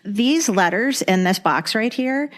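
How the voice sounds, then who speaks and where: A woman's voice: mid-range voice, expressive, unhurried. A woman in her fifties co-hosting a podcast, earnest and reflective, with short affirming interjections. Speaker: podcast co-host. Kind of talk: casual podcast chat.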